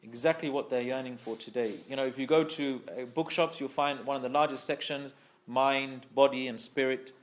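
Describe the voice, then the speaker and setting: A man's voice: medium pitch, fairly even intonation, normal speed. A man teaching a scripture class, explaining patiently, repeating key phrases, and carefully pronouncing Arabic terms. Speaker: Islamic teacher.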